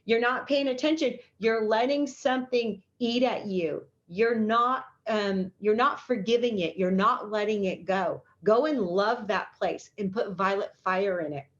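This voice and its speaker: A woman's voice: medium pitch, measured pace, hardly any pauses. A woman speaking as a healer in an interview, enthusiastic and acting out little inner dialogues as she explains. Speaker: guest healer. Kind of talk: conversational interview. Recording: dull lo-fi audio.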